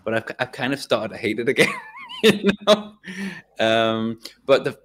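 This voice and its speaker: A man's voice: mid-range voice, wildly swooping pitch, a little slow, background noise. A man from the North East of England with a coastal Tyneside accent, chatting casually on a podcast and often restarting his sentences. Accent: North East English, Tyneside coast. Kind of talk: casual chat.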